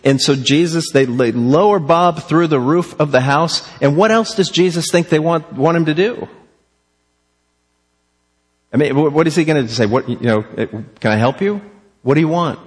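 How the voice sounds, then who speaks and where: A man preaching a sermon, animated, asking rhetorical questions and acting out the quoted lines. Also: on the high side, normal speed, breathy edge, big-room sound. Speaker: pastor.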